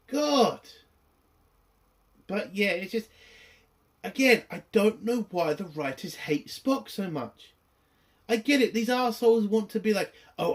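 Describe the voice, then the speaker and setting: A young British man with a British accent talks through a TV episode in a loose, ranting way. He swears often and leans on fillers as he goes. His voice sits a little higher than most men's. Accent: British English. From Britain. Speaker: TV review host. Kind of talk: casual spoken review.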